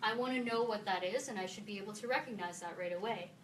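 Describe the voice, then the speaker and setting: Speaking fast in a bright, medium-pitched voice, a Filipina conference speaker playfully quizzes her meetup audience in a meeting room. The audio carries a little hiss or hum, a roomy sound from a far-off mic, and faint ambience.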